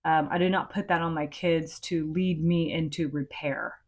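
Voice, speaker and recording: Frank, low-voiced woman podcast host. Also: fairly even intonation, normal speed, darkish tone. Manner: conversational, frank, sometimes swears. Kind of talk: casual advice talk.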